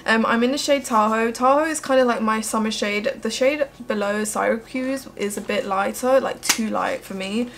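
A woman's voice: a little high, moderate pace, few pauses. A young woman chatting through a makeup tutorial as a beauty vlogger, gushing and emotional. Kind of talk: casual makeup tutorial chat.

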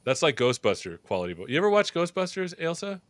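A man's voice: fairly high pitch, big pitch swings, fast, no echo. A man hosting a live tech show, chatting playfully and joking with his guest before and during the intro. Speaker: show host. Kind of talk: livestream chat and hosting.

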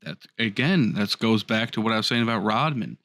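A man's voice: fairly low pitch, animated, a little fast, fairly bright tone, dry recording, clean studio sound. A man co-hosting a casual podcast, talking in a laid-back, bro-ish way. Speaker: podcast co-host.

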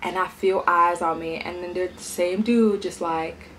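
A woman's voice: fairly low pitch, steady tone, a little slow, a bit bright, slight background noise. A young woman vlogger chatting casually and telling stories while she eats, acting out the voices of people she quotes.

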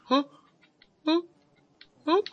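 A man's voice: extremely slow, highs cut off. A young man joking and swearing through rambling commentary while playing a video game. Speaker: let's play gamer. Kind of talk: profane sarcastic game commentary.

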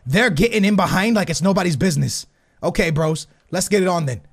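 A man commentating his own soccer video game, hyped and shouting at big moments, muttering quietly in between. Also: high-pitched, expressive, a little fast, creaky. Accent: American. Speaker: gaming YouTuber. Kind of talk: excited gameplay commentary.

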